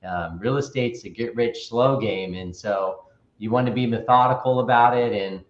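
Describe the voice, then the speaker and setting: A man's voice: medium pitch, moderate pace. A man who is a guest on an interview show, giving upbeat, folksy advice over a remote call. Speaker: credit repair business owner, interview guest. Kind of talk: casual interview talk. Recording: dull, echoey remote audio.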